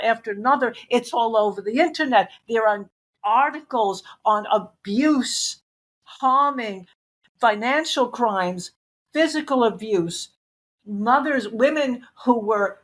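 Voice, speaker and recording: A woman's voice: a little high, a bit bright. A woman interview guest giving intense, emphatic testimony, repeating phrases for weight.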